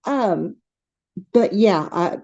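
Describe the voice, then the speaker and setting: A woman's voice: medium pitch, animated, drawn-out words, mellow, no echo, muffled recording. A middle-aged woman with a Texan accent, hosting a casual craft livestream, chatting and reading the chat aloud with frequent laughs. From Texas. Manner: chatty, laughs often, rambling restarts.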